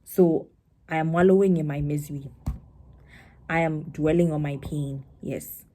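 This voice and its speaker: A woman's voice: steady tone, measured pace, dark tone. Reflective young woman poet. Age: young adult. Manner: reflective, conversational, acts out quoted voices in a higher tone. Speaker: spoken word poet. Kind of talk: explaining her poem to a live audience.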